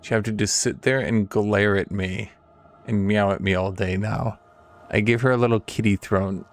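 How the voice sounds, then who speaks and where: A man's voice: on the low side, fairly even intonation, normal speed. A young man streaming a game, chatting casually and joking as he plays, sometimes acting out silly character voices. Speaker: gaming streamer. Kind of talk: casual gameplay commentary.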